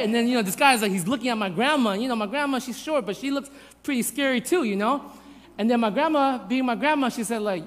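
A man preaching a sermon, telling a childhood story with lively, acted-out voices. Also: high voice, fast talker, big-room sound. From Vietnamese family. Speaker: pastor.

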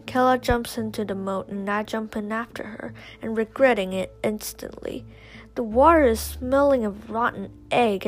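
A woman reading a first-person adventure story aloud, carefully, with small slips and restarts. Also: fairly high pitch. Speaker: story reader.

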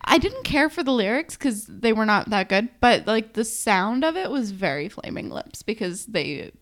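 A woman's voice: on the high side, very animated, normal speed. A woman co-hosting a casual podcast chat, talking expressively with lots of fillers and casual swearing. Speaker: podcast co-host. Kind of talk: casual chat recapping a TV episode.

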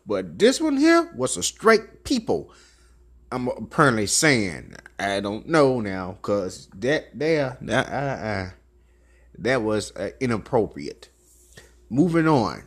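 Memphis man hosting a talk show, rambling and profane; slow delivery, pitch swinging widely. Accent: Memphis Southern. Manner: rambling, animated storytelling with profanity and laughs. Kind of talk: casual monologue.

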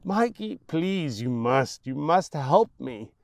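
A man puts on a distraught mother whose higher, lively voice strains with desperation. She pleads, then breaks into frantic shrieks. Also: takes it slowly, vocal fry, dry recording, clean studio sound, full character voice. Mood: desperate.

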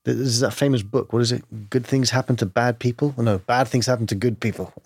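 A man with a medium-pitched, fairly even voice and a breathy edge talks briskly as a guest in a candid interview. Reflective and earnest, he thinks out loud, scattering "you know" and "like" throughout. It's studio quality, with no room sound.

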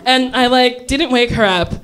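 A woman's voice: fairly high pitch, moderate pace, a bit bright, smooth. Laughing woman telling a comic story. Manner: laughs often while talking. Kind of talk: comedic storytelling.

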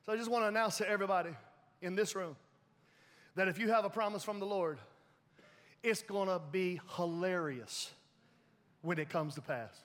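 A man preaching a sermon as pastor, animated and laughing often, in a church sanctuary with a reverberant hall sound. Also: high-pitched, moderate pace, long pauses.

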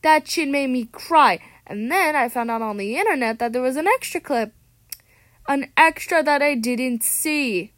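Speaking in a high, fairly bright voice at a measured pace, this teenage girl vlogs a casual rant straight to camera. Her manner is chatty, dramatic and sarcastic, full of mid-sentence self-corrections, captured on a tablet microphone with no room sound.

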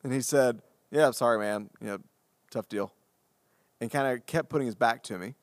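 A man who is a pastor and podcast co-host, telling a story in casual conversation, animated and self-deprecating as he acts out what people said. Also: mid-range voice, moderate pace, dry recording.

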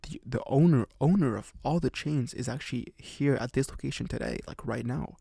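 A man's voice: mid-range voice, fairly quick, vocal fry, warm tone, breathy edge, no room sound, clean studio sound. A man voicing a friendly young woman working at a bar, speaking in a reassuring way. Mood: eager.

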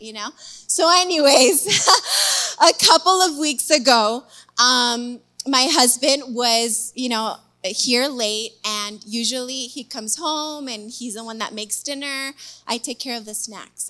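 A woman preaching a sermon, telling a personal story in a lively, chatty way and checking in with listeners. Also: sits high. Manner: animated, chatty, asks the crowd with "okay?" and "guys".

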